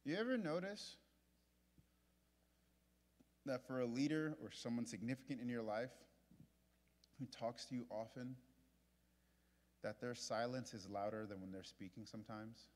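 A man's voice: medium pitch, moderate pace, pauses often. Man preaching passionately in a big reverberant hall. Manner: impassioned, repetitive preaching that swings from hushed to loud. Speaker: pastor. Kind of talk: sermon. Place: large church auditorium.

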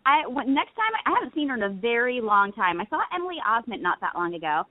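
A woman's voice: a little high, sing-song, fast, dry recording. A woman in her thirties, a guest actress calling in to a casual interview and telling stories with frequent laughter. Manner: bubbly storyteller, laughs often. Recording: phone line.

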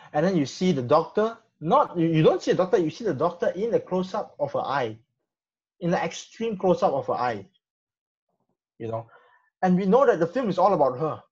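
A man in a casual film discussion, talking haltingly with many restarts and "you know" fillers. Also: a little high, a little mellow, slightly rough. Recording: dull lo-fi sound.

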